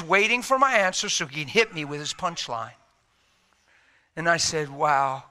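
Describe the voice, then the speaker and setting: A man's voice: fairly high pitch, expressive, moderate pace, long pauses, pushed and bright. A man preaching a sermon, telling a story in a folksy, emphatic way and talking straight. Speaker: traveling preacher.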